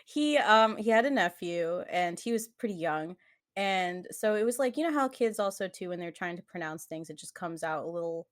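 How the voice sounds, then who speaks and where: Young woman, podcast co-host, relaxed storyteller, laughs through her anecdotes. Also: lowish voice, moderate pace. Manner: storytelling with frequent laughs and fillers. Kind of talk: casual chat.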